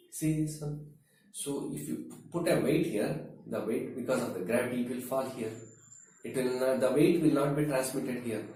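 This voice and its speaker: Mellow-voiced man in an echoey room. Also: medium pitch. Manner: slow, deliberate, explains with everyday comparisons, frequent fillers. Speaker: wellness expert. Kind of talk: explanatory health talk. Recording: very echoey room, distant mic.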